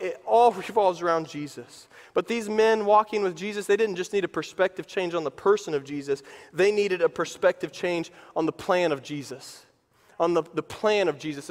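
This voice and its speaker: A man's voice: sits high, normal speed, big-room sound. A man preaching a sermon as pastor, emphatic and repeating phrases for weight. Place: church sanctuary.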